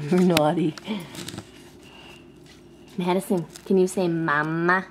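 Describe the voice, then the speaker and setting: A woman's voice: fairly low pitch, fairly even intonation, takes it slowly, noisy background. A woman filming her baby at home, talking to her in playful sing-song baby talk. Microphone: handheld home camera.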